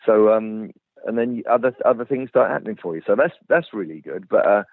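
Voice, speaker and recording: A man, a guest musician, giving relaxed, conversational answers in a radio interview. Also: fairly low pitch, a little fast. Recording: phone-like radio line.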